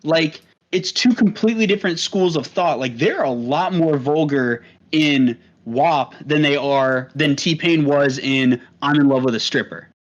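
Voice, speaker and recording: A man's voice: fairly high pitch, measured pace, few pauses. A young man co-hosting a podcast, bantering casually and arguing his point. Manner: argumentative, reads lyrics aloud mockingly. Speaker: podcast co-host. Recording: dull lo-fi sound.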